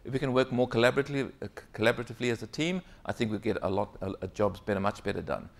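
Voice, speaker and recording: Composed young male employee, acted by a speaker, quiet and measured, gravelly edge. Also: on the low side. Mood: calm. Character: young male manager, calm and contained.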